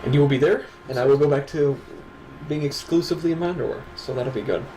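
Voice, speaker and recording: A man's voice: on the high side, quick pace, mellow, a little hiss or hum, rough recording. A young man co-hosting a stream from a desk at home, chatting casually, joking and laughing often. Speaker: co-host of an awards stream.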